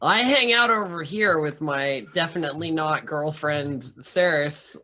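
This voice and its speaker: A man's voice: on the high side, a little slow, pushed and bright. A man playing a tabletop game, laid-back and rambling, swearing casually. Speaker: player.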